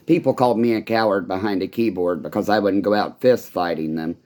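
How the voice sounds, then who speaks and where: A man's voice: fairly low pitch, brisk, darkish tone. A man giving an angry, rambling personal monologue, swearing often and sounding bitter. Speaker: vlogger.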